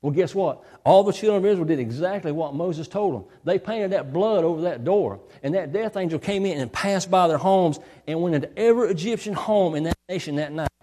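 A pastor preaching a sermon, emphatic and folksy, often repeating key phrases. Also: male voice, high voice, expressive, a little fast, hardly any pauses, mellow, in a large hall.

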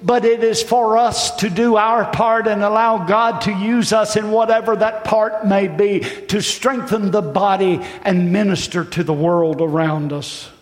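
A man with a high voice preaches with passion, climbing to loud cries and sinking to near whispers. His sermon rings through a church hall with a long, trailing reverb. He sounds middle-aged and fervent. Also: fairly even intonation, a little slow, few pauses. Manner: impassioned, rising to shouts then dropping to a hush. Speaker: pastor. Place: church sanctuary.

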